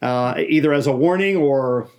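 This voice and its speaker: A man's voice: mid-range voice, moderate pace, a little mellow. A middle-aged man co-hosting a podcast, chatting casually and telling stories with lots of jokes and laughs. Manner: jokey storyteller, laughs often. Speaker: podcast co-host. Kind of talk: casual chat.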